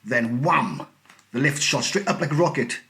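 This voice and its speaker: A male teacher reading a children's storybook aloud in an expressive, animated way. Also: mid-range voice, moderate pace.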